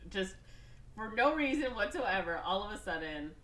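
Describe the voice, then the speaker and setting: A woman's voice: medium pitch, a little slow. A woman hosting a podcast, animatedly retelling a movie plot in casual chat and acting out the characters, recorded from a distance in an echoey room. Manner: animated, acts out characters, laughs easily. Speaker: podcast host. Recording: echoey room, distant mic, faint noise.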